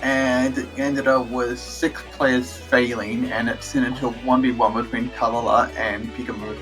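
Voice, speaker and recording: Wry, dramatic male color caster over clear background music. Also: mid-range voice, flat delivery, normal speed. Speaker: esports caster. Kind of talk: live tournament commentary.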